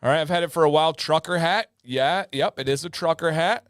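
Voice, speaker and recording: A man's voice: a little high, brisk, fairly bright tone, clear, resonant tone, no echo, studio quality. A man hosting a casual livestream, chatty and joking, greeting viewers by name, with a slightly sore throat. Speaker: livestream host.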